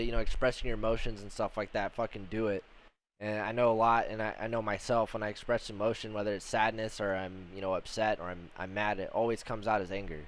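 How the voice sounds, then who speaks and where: A young man, a Marine veteran hosting a casual livestream chat, talking bluntly with lots of swearing and fillers. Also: on the low side. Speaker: podcast host, Marine veteran.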